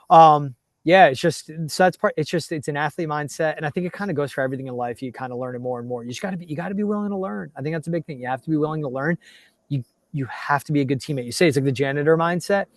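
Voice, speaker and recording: Fast-talking man giving energetic career advice. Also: fairly high pitch, no echo, studio quality. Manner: energetic, coaching tone, acts out quotes. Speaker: guest, TV sports reporter. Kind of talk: casual interview chat.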